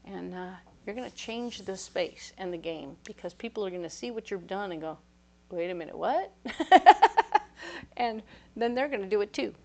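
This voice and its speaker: A woman giving a casual, playful tarot reading, chatty and full of quick asides. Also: mid-range voice, darkish tone. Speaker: tarot reader.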